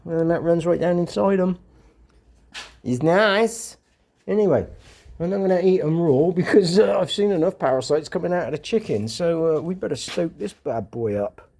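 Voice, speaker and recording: A man's voice: on the high side, lively intonation, normal speed, vocal fry, mellow. Chatty West Country man outdoors. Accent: West Country English. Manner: chatty, rambling, wry asides, muttering to himself. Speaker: vlogger. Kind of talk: casual cooking vlog. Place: outdoors at a charcoal fire.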